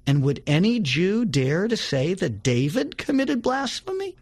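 A man's voice: high voice, sing-song, a little slow, darkish tone. A man hosting a religious talk show, reading a testimony aloud with dramatic emphasis, then talking casually with some fillers. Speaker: radio show host.

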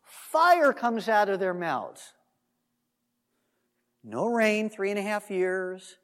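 A Messianic teacher with a notably high, slow voice gives a Bible teaching sermon as an animated storyteller, acting out the quotes of people in the story. He adds undogmatic, conversational asides. A long echo suggests a large hall.

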